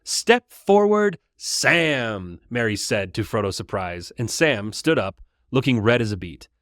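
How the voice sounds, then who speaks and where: A man hosting a casual, chatty retelling of a book, lively in his telling. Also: lowish voice, normal speed, no room sound, clean studio sound. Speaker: host.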